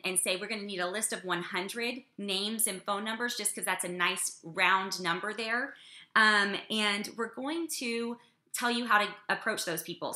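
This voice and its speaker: A woman giving an energetic business coaching talk to her team, often checking in with "okay?". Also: medium pitch. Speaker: business trainer. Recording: echoey room.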